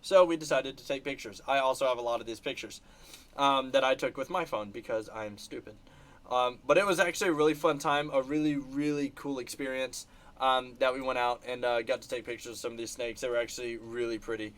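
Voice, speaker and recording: A man hosting a casual livestream, telling animated stories and laughing between sentences. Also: medium pitch, fairly quick. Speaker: channel host reacting to live chat. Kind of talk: casual livestream chat showing trip photos.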